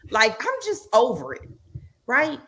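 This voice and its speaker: A woman hosting a casual sports podcast tells a story with lots of exasperated emphasis. Her fairly high voice swoops up and down in a lively way, and she punches key words hard. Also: measured pace. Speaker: podcast host.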